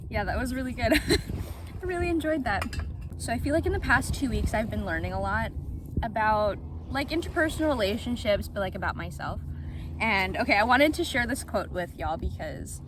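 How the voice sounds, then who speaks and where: A woman's voice: on the high side, moderate pace. Bubbly young woman vlogging outdoors. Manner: bubbly, giggly, chatty. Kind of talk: casual vlog chat. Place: in a car, then outdoors by the ocean. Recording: outdoor ambience with steady background noise.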